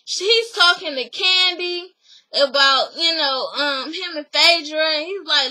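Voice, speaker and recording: High, bright-voiced young woman ranting. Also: slow, poor audio. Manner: animated, profane storytelling that acts out the people in it. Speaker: vlogger recapping a reality show. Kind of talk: casual recap vlog.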